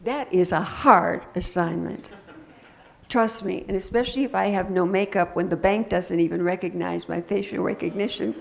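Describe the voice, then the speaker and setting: An older woman minister preaching a sermon to her congregation, conversational and gently humorous, often asking the room questions. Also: fairly low pitch, steady tone, normal speed, creaky. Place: church sanctuary.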